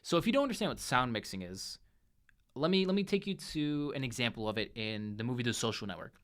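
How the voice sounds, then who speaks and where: A young man hosting a casual movie review show, talking in an animated way with frequent restarts and self-corrections. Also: medium pitch, fast talker.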